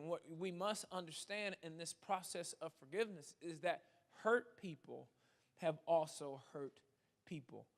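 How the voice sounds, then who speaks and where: A young male preacher with a high-pitched voice delivers a sermon from a church stage. He tells stories in a playful, animated way, and his excitement keeps building. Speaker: guest preacher. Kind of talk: sermon with storytelling.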